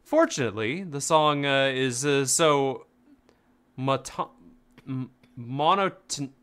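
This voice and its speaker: A man's voice: medium pitch, expressive, takes it slowly, a bit bright, clean tone. A man playing a game with friends, reading on-screen text aloud with stumbles, laughter and swearing. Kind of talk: casual let's-play chat.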